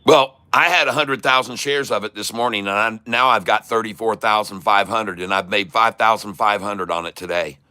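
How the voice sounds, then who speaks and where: A man's voice: on the low side, steady tone, moderate pace, hardly any pauses, sharp tone. A man with a Southern US country accent, commenting on stock charts in a joking livestream, folksy and teasing, often chuckling. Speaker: stock trading streamer.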